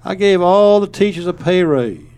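A man voicing a drunk older Southern governor who boasts slowly and stumbles over his words. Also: high voice, animated, darkish tone, clear, resonant tone, pitched above the performer's own voice. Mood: boastful. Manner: slow, slurred, stumbling speech.

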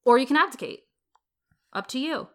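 Bright-voiced chatty woman telling history. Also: high-pitched, expressive, moderate pace. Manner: chatty storyteller, playful asides. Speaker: podcast co-host. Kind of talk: casual history chat.

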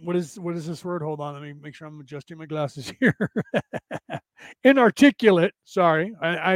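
A man's voice: high-pitched, dry recording. A man hosting a podcast, explaining a text in a casual, rambling way, often restarting and adding "right?" to check in. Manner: rambling, self-correcting, frequent "right?" tags. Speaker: podcast host.

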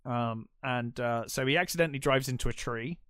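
A man's voice: medium pitch, fairly bright tone, smooth, no echo. Guy podcast host, dead dry sound, retelling scenes and doing little voices. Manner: retells scenes with quick put-on voices, many fillers. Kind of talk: casual film review chat.

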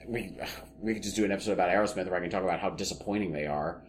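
A man co-hosting a podcast, telling stories in a casual, animated way with quick asides. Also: low voice, a little hiss or hum. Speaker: podcast co-host. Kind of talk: casual chat.

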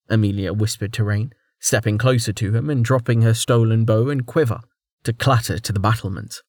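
A man narrating a fantasy webnovel as an audiobook with a steady storytelling delivery on a close mic. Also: lowish voice, brisk, dry recording. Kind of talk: scripted narration.

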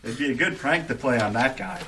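A man playing a tabletop game in character, joking in a deadpan way. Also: mid-range voice, brisk. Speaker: player.

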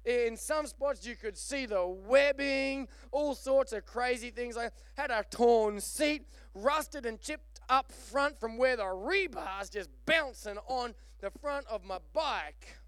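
A man preaching a lively sermon, joking and calling for amens. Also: extremely high pitch, takes it slowly, hardly any pauses, no echo, studio quality. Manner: animated, joking, calls for amen. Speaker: pastor.

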